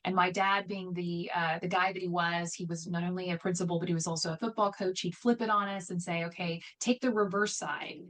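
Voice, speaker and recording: A woman's voice: lowish voice, fairly even intonation, quick pace, few pauses, fairly bright tone. A middle-aged woman from Texas, talking energetically as an interview guest, joking often and using many fillers. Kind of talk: conversational interview.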